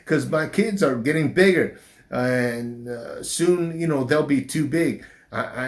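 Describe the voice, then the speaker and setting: A middle-aged man with a faint southern drawl talks about his life in a frank interview. He speaks very slowly, pausing and restarting his sentences, at an ordinary pitch. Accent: slight southern drawl since his stroke. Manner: slow, halting speech with restarts after a stroke. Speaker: pastor. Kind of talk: personal interview.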